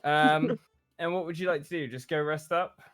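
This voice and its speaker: A man's voice: fairly high pitch, level tone, normal speed, a bit bright, smooth, dry recording, faint music behind. A man running a tabletop role-playing game as dungeon master, narrating scenes cinematically and laughing with his players over voice chat.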